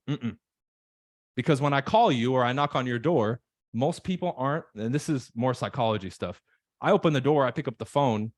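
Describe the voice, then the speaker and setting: A man coaching on sales calls in casual podcast chat, emphatic, acting out nervous callers in quick voices. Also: medium pitch, lively intonation, no echo, studio quality. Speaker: real estate coach.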